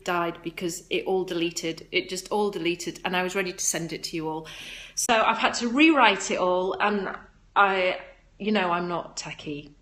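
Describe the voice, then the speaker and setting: A woman hosting a casual livestream, chatting in a bubbly, high-energy, rambling way and reading viewer comments aloud, recorded on a phone camera at a table indoors. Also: fairly bright tone. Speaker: livestream host selling flower essences.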